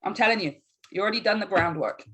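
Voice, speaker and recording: A woman's voice: mid-range voice, quick pace, a bit bright, slight background noise. A woman giving a casual tarot reading to camera, emphatic and encouraging, often checking in with "right?". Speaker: tarot reader.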